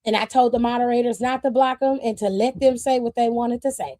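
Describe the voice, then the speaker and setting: Sassy high-voiced woman streamer. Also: steady tone, a little fast, warm tone, no room sound. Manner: sassy, blunt, profane, laughs often. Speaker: streamer host. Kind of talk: casual livestream chat.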